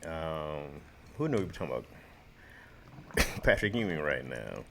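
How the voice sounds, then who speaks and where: A man's voice: very deep voice, sing-song, unhurried, gravelly, a bit bright, slight background noise. A man co-hosting a podcast in loose, joking banter, laughing often and talking in slang. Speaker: podcast co-host. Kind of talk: casual chat.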